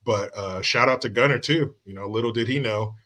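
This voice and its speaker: Bright-toned man hosting a casual podcast. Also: lowish voice, a little fast. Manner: blunt, salty reactions. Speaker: podcast host. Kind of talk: casual interview chat.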